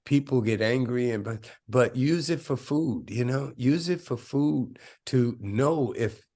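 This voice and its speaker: An older man of about seventy tells his story as an interview guest. His voice has a gravelly rasp, and he speaks emphatically and streetwise, often tossing in "right?" to the listener. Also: medium pitch, unhurried, dark tone. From South Side of Chicago. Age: around 70. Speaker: guest, film director.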